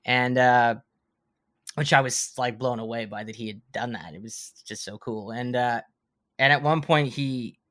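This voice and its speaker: A man in his thirties, a horror filmmaker and guest on a casual podcast, telling animated anecdotes with frequent restarts and stammers. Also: medium pitch, unhurried. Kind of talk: casual podcast conversation, storytelling.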